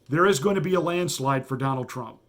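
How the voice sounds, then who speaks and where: A man, a pastor who hosts his own show, delivering a combative and mocking political commentary monologue with heavy emphasis. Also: on the high side.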